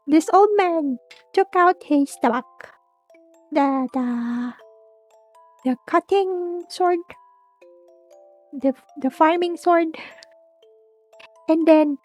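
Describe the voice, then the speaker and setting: High-voiced woman. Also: drawn-out words, long pauses, darkish tone, faint music behind. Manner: rambling, with many restarts and giggles. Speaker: streamer. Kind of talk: casual spooky storytelling.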